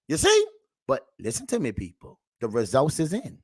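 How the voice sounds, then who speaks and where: A man's voice: mid-range voice, slightly rough, no room sound. Guy ranting over clips like a street preacher, voice swoops way up and down, dry close sound. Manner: preachy, keeps calling out to the people; drawn-out, animated swings between mutter and shout. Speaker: reaction video host. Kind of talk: comic reaction commentary.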